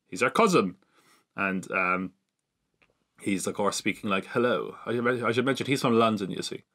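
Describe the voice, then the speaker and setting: A man's voice: fairly low pitch, bright, forceful tone. A man hosting a podcast, chatting casually through an episode recap with lots of fillers and self-mocking asides. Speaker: podcast host.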